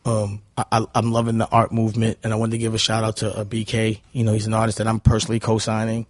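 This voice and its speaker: A man's voice: fairly low pitch, monotone, fast talker, no room sound. A man, telling stories bluntly and heatedly in a casual interview. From Harlem, New York. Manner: blunt, heated, repeats "you know what I'm saying". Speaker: guest.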